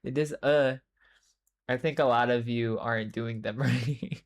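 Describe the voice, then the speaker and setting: A man's voice: mid-range voice, fairly even intonation, a little slow. A young man livestreaming in casual chat, rambling, swearing freely and answering viewers by name. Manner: rambling, loose and profane, many fillers; answers chat messages by name mid-story. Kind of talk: casual live-stream chat.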